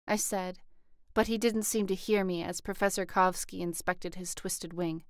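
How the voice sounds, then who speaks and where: A woman narrating a first-person audiobook with a close studio mic, acting out the dialogue by shifting her pitch and loudness. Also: fairly even intonation, normal speed, no room sound.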